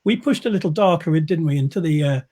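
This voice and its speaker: A man talking casually on a video call, wry and rambling, with plenty of ums and uhs. His voice sits a little high for a man, with a dark, husky tone. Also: expressive, fast talker. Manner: wry, rambling with many fillers. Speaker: publisher. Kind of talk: casual chat.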